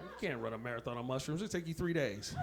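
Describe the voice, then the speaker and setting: A man's voice: medium pitch, lively intonation, quick pace, gravelly. A man doing a stand-up comedy set on a club stage, with loose, laughing, punchy banter toward the crowd. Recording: noisy live club recording.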